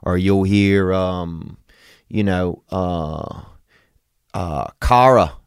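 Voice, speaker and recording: A man's voice: deep voice, steady tone, drawn-out words, darkish tone, smooth, no room sound, studio quality. A man from Louisiana, hosting a podcast in a rambling, profane, comedic monologue. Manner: rambling, profane, drawling asides. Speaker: podcast host.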